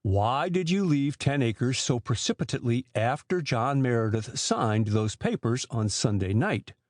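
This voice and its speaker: A man's voice: medium pitch, lively intonation, unhurried, no echo, close to an everyday voice. A man reading the part of a grim, persistent police inspector who questions in a dry, probing way.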